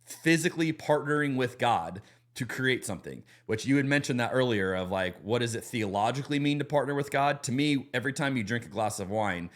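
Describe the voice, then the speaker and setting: A man in a podcast conversation, who talks with animated enthusiasm and builds his points as he tells stories. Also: mid-range voice, brisk. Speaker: pastor.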